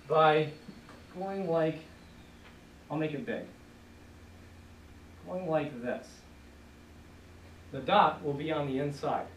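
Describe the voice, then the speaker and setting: A man's voice: fairly high pitch, slight background noise. A man teaching Greek to a class, explaining patiently step by step in a casual lecture. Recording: echoey classroom from a distant camera.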